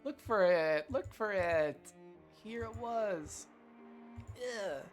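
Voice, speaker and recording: A man doing a shrill whiny little girl, high-pitched, stubborn, loud wailing cries. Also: animated, extremely slow, soft background music, heavily acted. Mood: distraught whining. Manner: shrill repeated "uu" whining.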